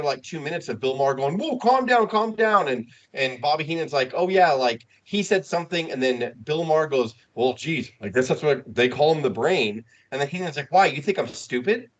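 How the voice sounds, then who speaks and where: A man co-hosting a podcast in casual chat, retelling a story with lively acted-out quotes. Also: fairly high pitch, lo-fi sound. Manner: animated storytelling, acting out quotes. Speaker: podcast co-host.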